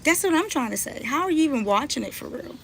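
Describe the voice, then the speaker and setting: A woman's voice: high voice, animated, quick pace, gravelly, a little hiss or hum. A woman blogger and mother ranting on a live stream, scolding and confronting someone she is talking about. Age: adult, mother.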